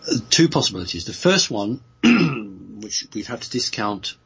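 Deep, husky man with muffled audio. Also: sing-song, fairly bright tone. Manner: slow, halting, many fillers and restarts. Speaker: guest answering listener questions. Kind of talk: unscripted spoken answers.

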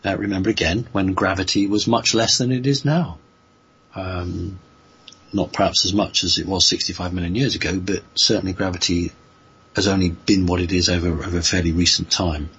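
A man answering listener questions in slow, halting speech, full of fillers and restarts. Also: low voice, steady tone, fairly bright tone, slightly rough, lo-fi sound. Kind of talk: unscripted spoken answers.

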